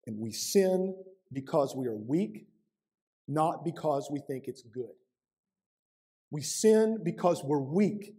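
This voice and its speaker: A man preaching from the pulpit in a slightly raised, husky voice with a warm, mellow tone. He presses his points with repeated rhetorical questions, swinging from forceful appeals to quieter, earnest asides. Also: fairly high pitch. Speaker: pastor. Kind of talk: sermon. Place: church.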